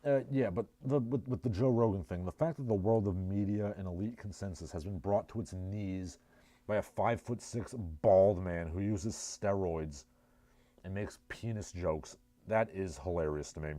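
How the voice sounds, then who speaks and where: Speaking at an ordinary pace in a low, mellow voice, this man hosts a laid-back livestream. He has a New Jersey accent and works through chat messages, tossing off sardonic, meandering asides. No room sound comes through.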